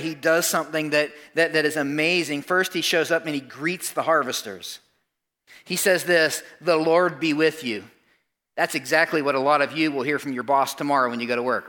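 A male pastor preaching a sermon with a bright, ringing voice pitched a touch high. He retells a Bible story in a lively way, breaking off to talk straight to his listeners, then sinking to a quiet hush. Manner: animated storytelling, drops to a soft hush for tender moments.

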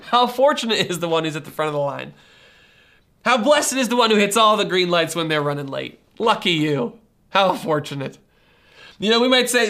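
A man preaching a sermon in an animated, conversational way, acting out quoted reactions. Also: sits high, normal speed. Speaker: pastor.

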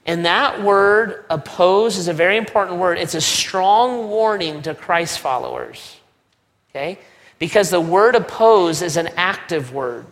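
A male pastor preaching a sermon in a conversational, animated way, with joking asides. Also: high-pitched, a little slow. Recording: long reverb of a large hall.

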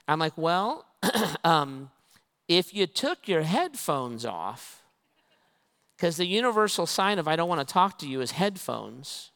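A man's voice: on the high side, normal speed. Male pastor preaching in a reverberant hall. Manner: animated storytelling, acting out both sides of conversations. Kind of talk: sermon. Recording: long reverb of a large hall.

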